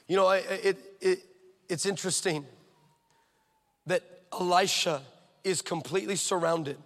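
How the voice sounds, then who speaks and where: A male pastor preaches with a high, bright, ringing voice and lively storytelling. He swings from loud declarations to hushed asides, and the sound carries a long hall echo. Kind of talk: sermon.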